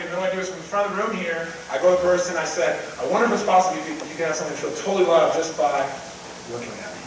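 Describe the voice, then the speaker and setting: Young man speaking in an echoey hall. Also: high-pitched. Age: 20s. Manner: animated, swings from loud to hushed tender tones. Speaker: seminar speaker. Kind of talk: live seminar talk. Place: large room, recorded from a distance. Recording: very echoey, distant, noisy old live recording.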